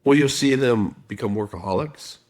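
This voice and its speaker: A man's voice: mid-range voice, normal speed, darkish tone. A middle-aged man, a guest expert in a podcast interview, telling stories and acting out quotes. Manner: storytelling with acted quotes.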